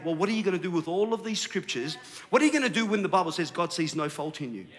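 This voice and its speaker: A male pastor preaching a sermon, animated and rising to shouts for emphasis. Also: high-pitched, quick pace, big-room sound.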